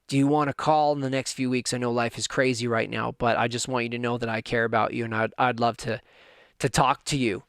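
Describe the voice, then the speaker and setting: A man's voice: medium pitch, flat delivery, brisk, a bit bright, clean tone, no echo, studio quality. A man hosting a podcast, talking candidly and earnestly in a personal monologue that builds to fired-up moments. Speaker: podcast host.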